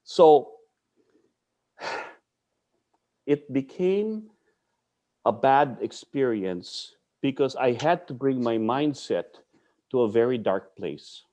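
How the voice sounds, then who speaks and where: Lively-voiced Filipino martial artist. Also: male voice, mid-range voice, slow pace, pauses often. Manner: blunt, swears freely, mixes in Tagalog curses. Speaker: martial arts instructor, podcast guest. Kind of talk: animated storytelling.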